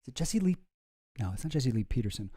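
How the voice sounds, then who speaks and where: A man's voice: medium pitch, big pitch swings, fast, mellow, breathy edge. A man hosting a casual livestream, rambling and chuckling as he reacts to chat. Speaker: streamer host.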